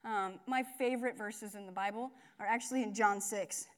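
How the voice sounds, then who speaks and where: A woman's voice: mid-range voice, fairly even intonation, normal speed. A young woman giving a casual, conversational sermon with lots of fillers and asides. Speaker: speaker at a church gathering.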